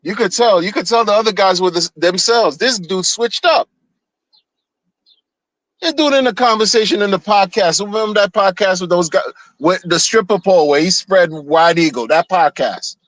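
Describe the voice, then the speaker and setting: A man's voice: high voice, moderate pace, fairly bright tone, no echo, low-quality recording. A man ranting on a live stream in a blunt, rambling way, heavy on slang and repeated phrases. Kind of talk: casual on-stream rant. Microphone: streaming mic.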